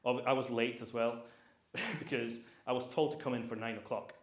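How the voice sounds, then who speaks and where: A young man from Scotland, Polish by birth, appears as a guest in a casual storytelling interview. A private chef, he recounts his past loosely, with plenty of fillers and restarts. He speaks at a middling pitch and moderate pace in an echoey room.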